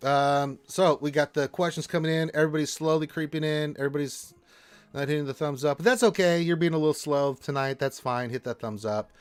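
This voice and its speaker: A man's voice: on the high side, brisk, clear, resonant tone, no echo. An American man hosting a gaming live stream, chatting casually, joking, and reading viewer names aloud. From United States. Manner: joking, reads out chat names with playful put-on voices.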